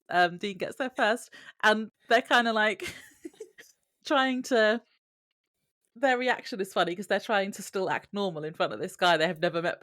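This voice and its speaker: A woman's voice: on the low side, a bit bright. A woman co-hosting a podcast in casual chat, reacting and laughing along. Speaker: podcast co-host.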